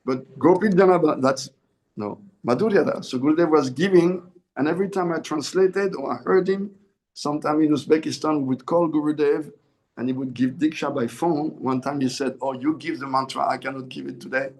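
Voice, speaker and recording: Earnest swami man, fairly high voice. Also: brisk, a little mellow. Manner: earnest, repeats and corrects himself mid-phrase. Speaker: swami giving a spiritual discourse. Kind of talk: sermon.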